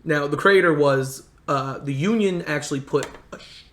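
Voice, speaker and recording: A man in casual conversation telling history stories in a halting way, full of restarts. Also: on the high side, fairly bright tone. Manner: rambling, halting history storyteller with many restarts. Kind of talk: casual storytelling chat. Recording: echoey room.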